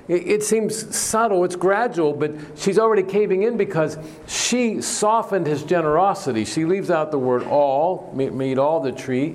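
A man's voice: a little high, a little hiss or hum. A man preaching a sermon, earnest and emphatic, often putting questions to his listeners. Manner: earnest, questioning the audience, emphatic on key words.

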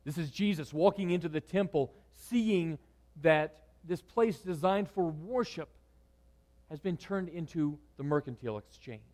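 A man preaching a sermon, moving between loud, emphatic lines and hushed, quiet ones. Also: a little high, unhurried. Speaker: pastor.

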